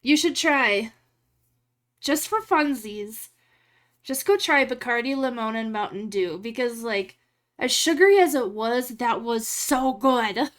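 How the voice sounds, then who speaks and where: A high-pitched woman streamer edits photos as she talks casually with her live chat. She wanders through her thoughts, leans heavily on "like," and laughs without much prompting.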